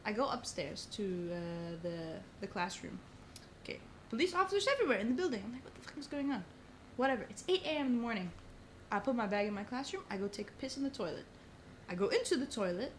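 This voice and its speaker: Animated young woman telling a story. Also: fairly high pitch, fast, slight background noise. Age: young adult. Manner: animated, swears a lot, says "bro" often. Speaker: podcast guest. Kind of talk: casual storytelling.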